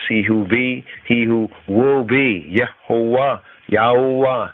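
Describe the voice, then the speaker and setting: A man teaching scripture on a podcast, slowly repeating and chanting Hebrew words. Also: mid-range voice, fairly even intonation. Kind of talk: slow devotional scripture teaching. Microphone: phone line. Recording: tinny phone-line call-in radio.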